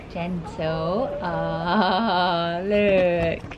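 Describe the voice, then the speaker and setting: A woman's voice: lowish voice, a little slow. A woman from southern England chatting casually on a family vlog, cooing at pets and kids. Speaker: family vlogger. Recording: loud background noise.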